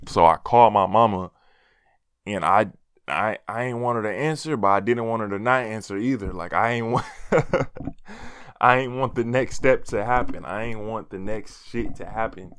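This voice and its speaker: A young man tells a story from his own life in casual vlog style, full of slang and swearing, chuckling at himself. His voice sits fairly low and comes through smooth and clear. The recording is dry and close, with no room sound. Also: moderate pace, fairly bright tone, dry recording. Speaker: vlogger.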